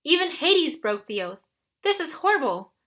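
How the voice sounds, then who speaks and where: A serious teenage girl speaks out of breath, alarmed about what she has learned, as a woman reading an audiobook voices her. Her tone is bright and a little high. It stays close to the reader's own voice. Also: very animated, normal speed, heavily acted.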